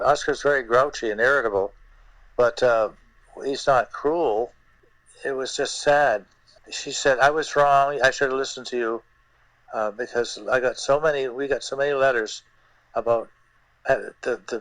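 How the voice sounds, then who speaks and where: An older man, a guest puppeteer, telling stories in an interview in a halting way, repeating words and using many fillers. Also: medium pitch, fairly bright tone, no room sound, rough recording. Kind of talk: anecdotal interview storytelling.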